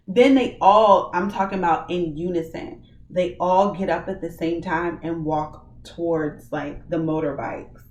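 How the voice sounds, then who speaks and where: A woman of average pitch shares a dream and then preaches to her viewers in a loose, conversational way. She acts out what she said in the dream with lively bursts. The sound is roomy and a little distant from the mic, with a faint hiss behind her. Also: normal speed. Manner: animated storytelling, acts out her own dream dialogue. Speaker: ministry vlogger. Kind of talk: casual testimony and preaching.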